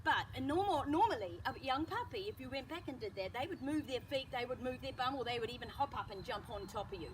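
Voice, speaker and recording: A woman dog trainer explaining calmly, with bursts of high praise for the dog. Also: fast, hardly any pauses. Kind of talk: outdoor training demonstration. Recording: distant mic with loud outdoor noise.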